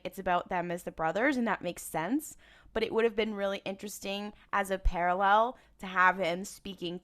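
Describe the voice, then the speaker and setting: A woman's voice: mid-range voice, fairly bright tone. A woman co-hosting a podcast in casual chat, rambling through her thoughts with fillers and easy laughs. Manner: rambling, lots of fillers and restarts, laughs easily. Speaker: podcast co-host.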